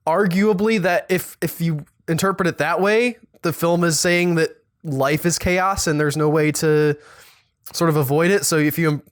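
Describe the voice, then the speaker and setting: A man with a slightly high voice co-hosts a podcast, chatting casually about a film in a rambling, self-correcting way with animated asides. The studio-quality recording has no echo.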